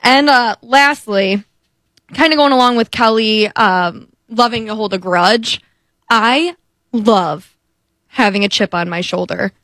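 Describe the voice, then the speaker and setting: A young woman talks casually on a podcast, telling candid stories and acting out what people said. Her voice sits a little high. The sound is dry and close. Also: unhurried, no echo. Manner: candid, animated storytelling with acted quotes. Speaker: podcast co-host. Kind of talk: casual chat.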